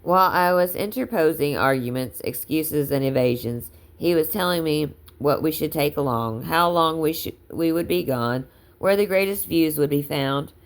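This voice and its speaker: A woman reading a book aloud in an unhurried way, now and then stumbling and correcting herself. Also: low voice. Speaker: audiobook reader.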